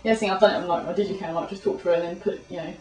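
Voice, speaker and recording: A woman's voice: lowish voice, fairly even intonation, rapid-fire, darkish tone. A young woman, a student, chatting casually and rambling nervously with many restarts. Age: young adult. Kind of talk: casual chat. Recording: echoey room, mic far off.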